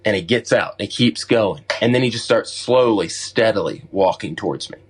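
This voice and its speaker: A middle-aged man, a podcast guest, telling a wild story in a casual, animated way and acting out what people said. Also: fairly low pitch, normal speed, husky. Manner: animated storyteller, acts out his own quotes.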